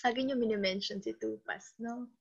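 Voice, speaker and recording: A woman's voice: on the high side, fairly even intonation, a little fast, vocal fry, slightly rough. A woman teaching a live online class, chatting and reading out students' answers. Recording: lo-fi dull audio.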